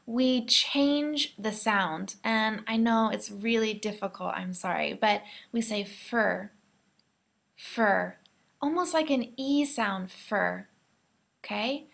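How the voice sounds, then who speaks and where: A young American woman leads a pronunciation lesson, speaking slowly and deliberately so learners can copy her. Her voice sits fairly high with a gravelly, creaky edge. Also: a bit bright. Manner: slow, careful modelling of words for learners to repeat. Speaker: English pronunciation teacher.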